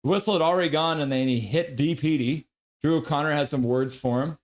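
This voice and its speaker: A man streaming live hockey play-by-play, excitable and profane, reading viewer chat aloud between calls. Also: fairly high pitch, brisk. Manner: excitable, swears, reads chat comments aloud.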